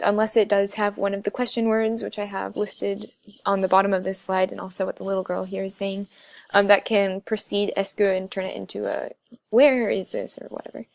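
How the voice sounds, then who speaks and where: Gravelly young woman presenting slides. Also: mid-range voice, no echo. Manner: explanatory, many um fillers. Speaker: student presenter.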